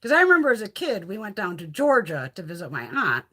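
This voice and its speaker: A woman from the Northeastern US hosting a livestream, chatting casually in a blunt, profane, animated way. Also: mid-range voice, quick pace. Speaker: livestream host.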